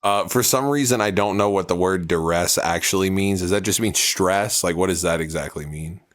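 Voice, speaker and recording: A man's voice: low-pitched, moderate pace. A young man co-hosting a podcast in casual, joking chat. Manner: joking, slips into playful put-on voices. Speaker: podcast co-host.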